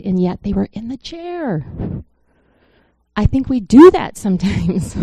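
Woman preaching with a mellow voice. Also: mid-range voice, sing-song, a little slow, breathy edge, no room sound. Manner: conversational, storytelling, earnest. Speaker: church speaker. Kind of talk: informal sermon.

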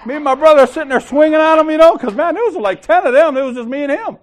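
A man's voice: extremely high pitch, very fast, some chatter behind. A man leading a church group, talking casually and telling a story in a laughing, slangy way. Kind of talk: casual storytelling and Bible discussion.

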